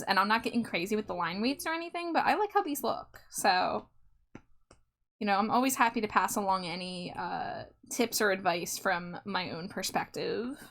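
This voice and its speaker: A woman's voice: mid-range voice, fairly bright tone. A woman artist hosting a live stream, chatting casually in a friendly way and laughing often. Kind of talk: casual chat.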